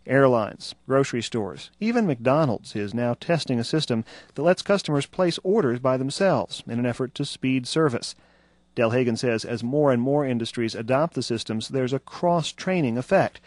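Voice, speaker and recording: A man's voice: medium pitch, no room sound. Male radio news reporter. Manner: measured, even delivery. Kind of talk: scripted news narration.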